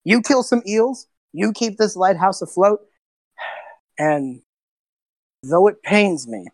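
Woman doing a gruff old lighthouse keeper. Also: medium pitch, expressive, takes it slowly, darkish tone, dry recording. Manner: blunt, brusque, impatient. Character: short old male lighthouse keeper with wild white hair, gruff.

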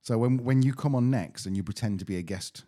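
A man's voice: mid-range voice, fairly quick, mellow. A man co-hosting a podcast, chatting casually with dry, self-mocking banter. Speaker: podcast co-host. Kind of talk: casual chat.

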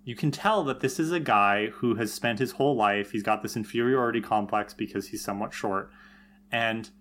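A man's voice: fairly low pitch, a little fast, a bit bright, slight background noise. A man co-hosting a podcast, giving thoughtful, analytical commentary in casual chat. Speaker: podcast co-host.

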